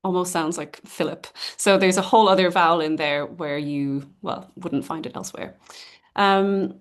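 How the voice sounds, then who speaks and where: A woman giving an academic guest lecture, explaining in a measured way and often pausing to rephrase. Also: lowish voice, steady tone. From Ireland.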